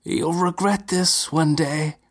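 A man's voice: fairly high pitch, takes it slowly, pitched above the performer's own voice. A man putting on a frightened young goatherd. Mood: defiant. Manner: pleading, then firm.

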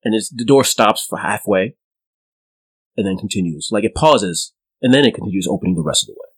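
A man narrating a tabletop game as game master, in a casual, halting way. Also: fairly low pitch, expressive, rough recording.

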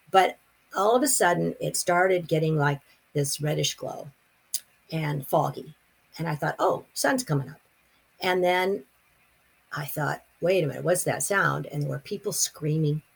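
A middle-aged woman from California speaks in a low, gravelly voice with a husky edge. She tells her story haltingly, pausing on fillers and restarting her phrases. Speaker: guest telling her near-death experience. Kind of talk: personal storytelling in conversation.

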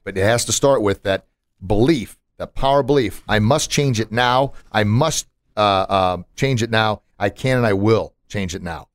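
A man's voice: fairly low pitch, moderate pace, no echo. A man hosting a podcast in casual chat, emphatic and motivational, with punchy asides. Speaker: podcast host.

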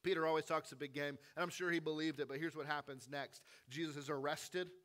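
A male pastor delivering an Easter sermon in a bright, forward voice that sits a little high. He moves between relaxed, chatty asides and dramatic retellings of scripture that sink to a near hush. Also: quick pace. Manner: conversational preaching with casual asides.

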